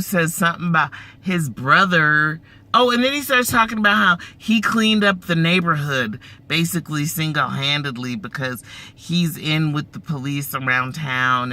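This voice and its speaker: A man with a high-set, very bright voice tells a story in a loose, animated rant. He swears freely and throws in slangy asides to his viewers. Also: smooth. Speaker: vlogger.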